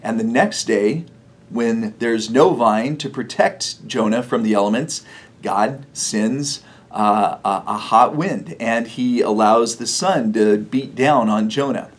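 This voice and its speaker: A man's voice: medium pitch, slow, husky. A man preaching a sermon in a church, telling the story in a conversational way and chuckling often. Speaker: pastor.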